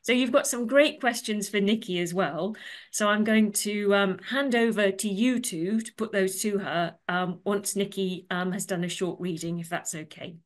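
Woman, interview host, encouraging, hesitant ums, mid pitch. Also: normal speed. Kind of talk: hosting a video interview.

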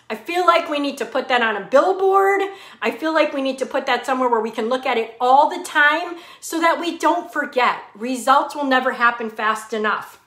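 A woman's voice: sits high, pushed and bright. A woman hosting a casual live fitness chat, greeting viewers by name and laughing often. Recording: echoey room.

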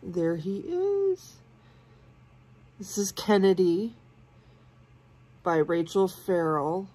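Unboxing host, woman in her forties: husky, low-pitched, gushing with soft hushed asides, sick. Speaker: doll collector and channel host. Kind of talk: casual unboxing vlog.

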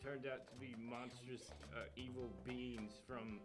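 A man telling a silly made-up story, laughing and halting with many fillers. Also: mid-range voice, little pitch movement. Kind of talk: playful improvised storytelling. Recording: music clearly in the background.

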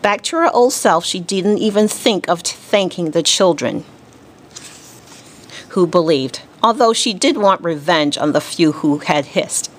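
A woman teacher reading a children's storybook aloud to her class, expressive and deliberate. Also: fairly low pitch.

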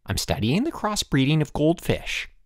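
A man voicing a fussy, excitable boy who studies insects and fish, shrieking and wailing when upset. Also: on the high side, moderate pace, no room sound, clean studio sound, voice pushed up.

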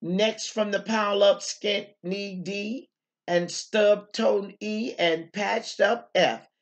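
A woman's voice: medium pitch, steady tone, takes it slowly. A woman teacher reading a picture book aloud to young children, stopping often to exclaim and to ask them questions.

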